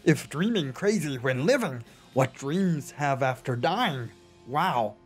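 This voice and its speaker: A man voicing an earnest goblin stage actor who recites a tragedy in broken, grandly dramatic phrasing, with a husky voice. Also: medium pitch, lively intonation, takes it slowly, faint music behind. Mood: theatrical.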